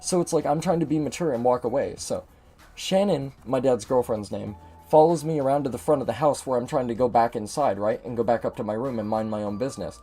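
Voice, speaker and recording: Frustrated young man venting, mellow tone. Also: medium pitch, quick pace, slightly rough, faint music behind. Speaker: gaming video host. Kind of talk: ranting commentary over gameplay.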